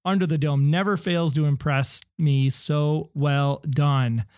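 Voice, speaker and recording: Eager man with a higher, dry voice. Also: steady tone, takes it slowly, a little mellow, dry recording. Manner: eager, theorizing. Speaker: podcast co-host. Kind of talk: casual chat, reading listener mail.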